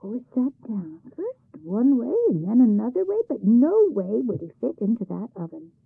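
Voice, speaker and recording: A woman narrating a folk tale in a lively, expressive reading. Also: fairly high pitch, moderate pace, vocal fry, breathy edge, no room sound. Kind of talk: storybook narration. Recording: tinny phone-like sound.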